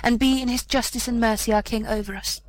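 A woman's voice: a little high, fairly even intonation, fast talker, lightly acted. Brief: solemn court priests, voiced by a woman reader, formal and reverent. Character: solemn priests and high officers.

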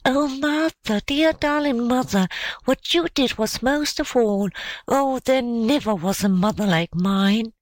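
A woman reading an audiobook, voicing a small girl who is overwhelmed with joy, in a high, breathless voice. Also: unhurried, no room sound, close to an everyday voice, rough recording. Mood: overjoyed. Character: little girl, joyful and tearful. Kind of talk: storybook character voice.

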